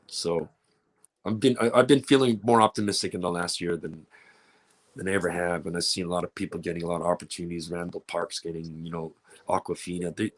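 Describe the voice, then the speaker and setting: A man's voice: sits low, a bit bright. A man speaking as an actor on a panel, candid and joking, with frequent restarts. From Canada. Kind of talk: panel discussion.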